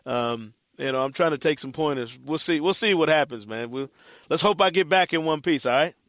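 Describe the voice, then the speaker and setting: A man's voice: on the high side, fairly quick, fairly bright tone, dry recording. A man hosting a casual basketball podcast, laid-back and loose, with plenty of "you know" fillers. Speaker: podcast host.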